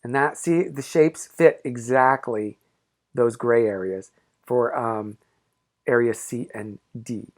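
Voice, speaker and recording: A man's voice: mid-range voice, slow pace. A man, a pop-up book artist, walking viewers through a craft tutorial in an upbeat, encouraging, playful way.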